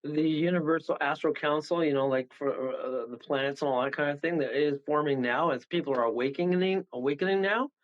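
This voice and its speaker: A man's voice: on the high side, fairly quick, few pauses. A man, a medium guest on a radio show, chatting casually and rambling through stories with frequent chuckles. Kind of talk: casual radio interview chat. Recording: dull lo-fi call audio.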